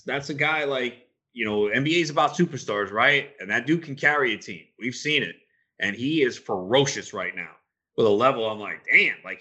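A man hosting a sports betting podcast, talking in an opinionated, rambling way that gets animated when he's riled up. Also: mid-range voice. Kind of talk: casual podcast talk.

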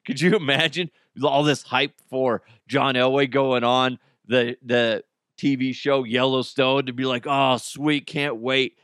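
This man's mid-range voice has a fairly bright, clear, resonant tone, fairly even intonation, and a slightly slow pace. Hosting a casual solo podcast, he riffs with jokes and profanity and reads a live ad, all in a dry, clean studio recording.

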